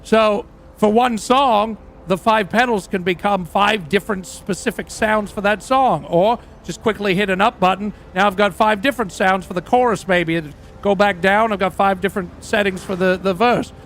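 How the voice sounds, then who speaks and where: A man playing a crude, boastful rock singer who rambles through profane, deadpan tall tales in a game roleplay. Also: sits high, moderate pace, a little hiss or hum. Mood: rambling, crude. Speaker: roleplay character.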